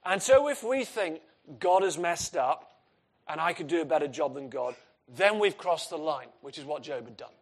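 Man, preacher, earnest, emphatic, slightly high-pitched. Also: lively intonation, moderate pace. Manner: earnest, emphatic with rhetorical questions. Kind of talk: expository sermon.

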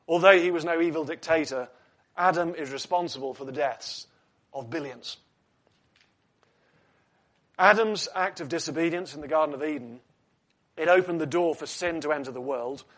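A man with a slightly high, fairly bright voice preaches a sermon in an earnest teaching tone. He asks rhetorical questions and adds light asides.

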